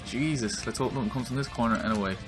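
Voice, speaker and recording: An Irish man giving his own excitable commentary while playing a football video game, yelling at the screen during big moments. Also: medium pitch, quick pace, loud music behind the voice. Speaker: gaming video creator.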